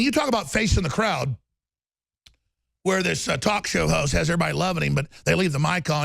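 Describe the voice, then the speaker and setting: Ranting gravelly man, high-pitched. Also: no room sound. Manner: ranting, often shouting, repetitive lists. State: angry. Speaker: political talk show host. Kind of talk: angry political monologue.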